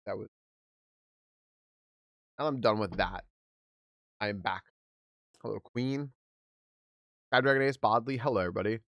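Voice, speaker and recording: A man's voice: on the low side, takes it slowly, pauses often, fairly bright tone, no echo. A man streaming a game live, chatting casually with his viewers and greeting them by name. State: hiccuping.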